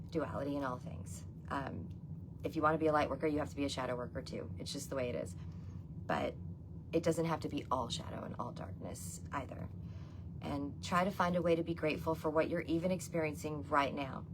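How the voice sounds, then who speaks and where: A woman's voice: low voice, a little hiss or hum. A woman giving a loose, chatty tarot reading to her viewers, talking to them as y'all. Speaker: tarot reader. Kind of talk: casual livestream tarot reading.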